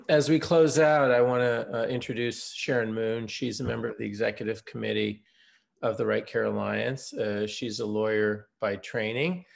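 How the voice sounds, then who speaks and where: A man's voice: lowish voice, vocal fry. A man briefly introducing the next speaker at a town hall. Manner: brief, plain introduction with fillers.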